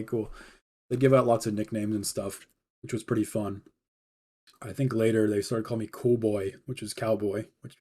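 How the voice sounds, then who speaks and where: A man's voice: lowish voice, a little mellow. A young man hosting a livestream, telling a rambling, laid-back story with a lot of fillers. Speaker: livestream host. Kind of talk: casual storytelling.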